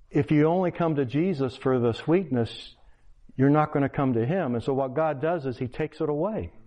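An older man delivers a sermon with earnest, pleading conviction and weaves in stories along the way. His voice sits a little high for a man. The recording is dull and lo-fi, with the top end muffled. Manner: earnest, pleading preaching with storytelling. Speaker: pastor.

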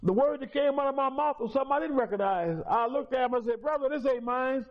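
Talking fast in a very high voice, a man gives his personal testimony at a recovery meeting, telling his life story in a folksy, repetitive way with chuckles. A dull lo-fi recording captures it.

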